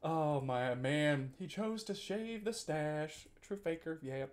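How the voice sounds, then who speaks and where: A man's voice: on the high side, animated, slow pace. A man in his twenties chatting casually on a live stream, rambling and teasing his chat with frequent laughs and filler words. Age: 20s.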